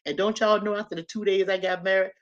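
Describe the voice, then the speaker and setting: This is a woman, telling a story from her own life. She talks in an animated way and speaks straight to her listeners. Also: medium pitch, fast talker, highs cut off. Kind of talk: personal storytelling to an audience.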